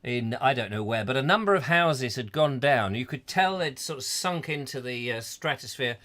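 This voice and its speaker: A man's voice: mid-range voice, expressive, normal speed, pushed and bright. A middle-aged man hosting a live comedy chat show, rambling through viewers' comments with puns and silly asides. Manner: rambling, punning, bursts into silly voices and song.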